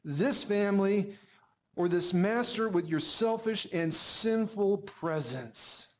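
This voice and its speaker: A man playing an angry, forceful disciple. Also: sits high, slow pace. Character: angry male disciple ordering a woman out.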